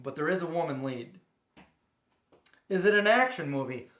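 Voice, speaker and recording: Man, livestream host, casual rambling chat, fairly high voice, echoey kitchen. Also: lively intonation, normal speed, fairly bright tone. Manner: rambling, chatty, talks to viewers. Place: home kitchen.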